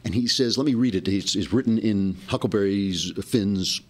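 A man hosting his own show, talking through a monologue in an animated way, often restarting and correcting himself mid-sentence. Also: on the low side, normal speed. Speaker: show host. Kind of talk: monologue commentary.

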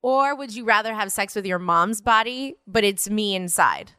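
Blunt, bright-voiced woman podcast host. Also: mid-range voice, animated, normal speed, clear, resonant tone, no echo, studio quality. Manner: blunt, teasing, swears freely. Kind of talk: casual chat.

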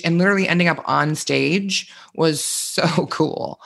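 Gravelly, bright-voiced man telling stories. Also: a little high, moderate pace. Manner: animated storytelling, acting out quoted voices, swears freely. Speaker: podcast co-host. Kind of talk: casual chat.

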